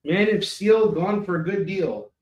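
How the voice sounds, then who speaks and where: A man hosting a live shopping stream, selling comics in a casual, chatty pitch, with sarcastic jokes and lots of fillers. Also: measured pace, a little mellow.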